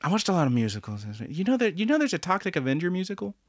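A young man co-hosting a casual podcast, animated and profane, who acts out quoted lines in high, mocking voices. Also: racing, no echo, studio quality. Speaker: podcast co-host.

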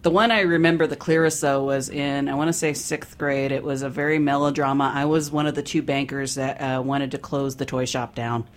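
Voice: mid-range voice, steady tone, brisk, hardly any pauses, a little hiss or hum. A host chatting casually and laughing often. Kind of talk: casual chat.

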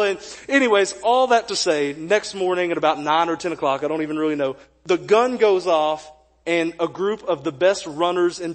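Young male pastor, high-pitched and animated, joking through a sermon story. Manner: animated, jokey storytelling with acted quotes. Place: church sanctuary.

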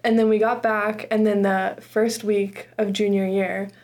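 A woman's voice: mid-range voice, a little slow. Earnest young woman student podcaster. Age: 20s. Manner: relaxed, earnest, with frequent likes and ums. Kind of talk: casual interview.

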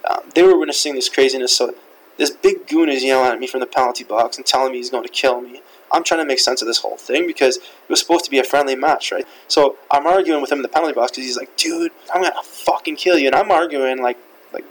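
French-speaking guy rambling fast on his podcast, lots of uh and like, swears a lot. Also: mid-range voice, a little hiss or hum, poor audio. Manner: rambling, profane, lots of fillers. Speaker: podcast host. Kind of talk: casual storytelling.

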